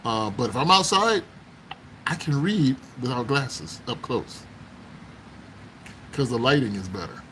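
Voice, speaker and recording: A man's voice: medium pitch, lively intonation, unhurried, pauses often, fairly bright tone, a little hiss or hum, poor audio. A man hosting a casual livestream, chatting with viewers, laughing often and exclaiming as he talks. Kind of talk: casual live chat. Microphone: phone.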